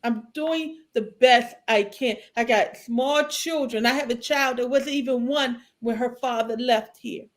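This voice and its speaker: A middle-aged woman speaks slowly and haltingly, her voice choked up as she shares her grief. Her voice sits a little high, and she leaves long pauses between phrases. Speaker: podcast co-host. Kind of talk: emotional personal testimony.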